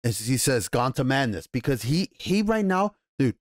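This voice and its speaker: A man with a New York accent giving a casual, profane TV episode recap and review, animated and rambling, acting out the characters' lines as he goes. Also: medium pitch, normal speed, no echo, studio quality. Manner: animated, profane, loose retelling with acted quotes. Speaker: TV show reviewer.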